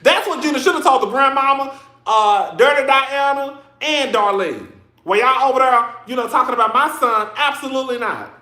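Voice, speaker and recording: A man's voice: very high-pitched, moderate pace, bright, forceful tone, reverberant. A man casually commenting on a reality show, sassy and dramatic, laughing often and calling his listeners girl.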